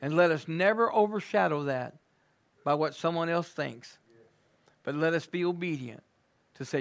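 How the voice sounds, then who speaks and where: A man preaching a sermon and praying in a church, swinging between hushed words and loud fervent exclamations. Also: fairly high pitch, moderate pace, creaky, long pauses. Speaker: guest preacher. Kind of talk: sermon and closing prayer. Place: church sanctuary.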